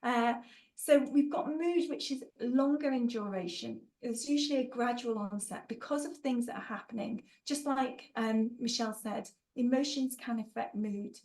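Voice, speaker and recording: A woman trainer running an online workshop, with a fairly high voice and an upbeat, joking manner. She talks to participants in a friendly, encouraging way, reading out their answers and building on them. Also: moderate pace, darkish tone, poor audio. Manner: upbeat, jokey, reads out participants' chat answers.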